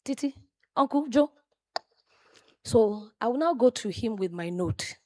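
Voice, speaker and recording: Animated Nigerian woman telling stories. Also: on the high side, unhurried, dry recording, studio quality. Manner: animated storyteller, exclamations and asides to the audience. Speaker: tribute speaker at a memorial event. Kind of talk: personal tribute speech, storytelling.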